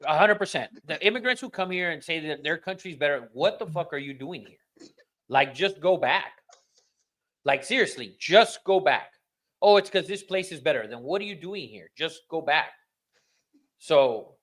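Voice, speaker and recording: A man's voice: fairly high pitch, expressive, normal speed, fairly bright tone. A man hosting a podcast, ranting in casual, profane chat that rambles with restarts. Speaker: podcast host.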